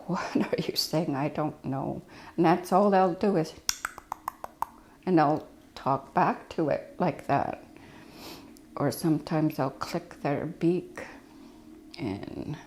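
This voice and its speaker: A middle-aged woman telling family stories in a documentary interview, reflective and soft-spoken with whispery asides. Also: low-pitched. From First Nations community in Canada.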